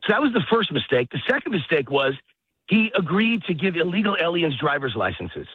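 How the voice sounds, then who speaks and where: A high-voiced man on a tinny phone line, husky and short of breath as he walks outdoors. He rants emphatically, hammering points over and over in a dry, close sound. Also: very animated, a little fast, dry recording. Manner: emphatic, heated, repetitive ranting. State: out of breath while walking a dog. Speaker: guest commentator. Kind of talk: phone-in political talk. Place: outdoors in a park.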